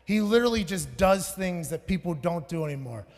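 A man in his thirties performs a stand-up set on a big stage, spinning stories in a loud, profane way that bursts into shouts. His voice sits high, and it rings out through a live hall with a long reverb tail. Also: expressive, brisk. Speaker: stand-up comedian. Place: large venue on stage.

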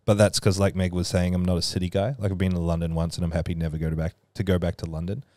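A man's voice: low-pitched, little pitch movement, fast, darkish tone, dry recording, studio quality. A man co-hosting a podcast, telling stories in a blunt, wry, casual way. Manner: storytelling, wry and blunt, mimics voices for laughs. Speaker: podcast co-host. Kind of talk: casual chat.

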